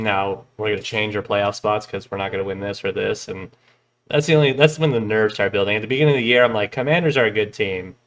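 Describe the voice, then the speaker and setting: A man's voice: fairly low pitch, a bit bright. A young man co-hosting a podcast, joking in casual chat and slipping into quoted voices. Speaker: podcast co-host.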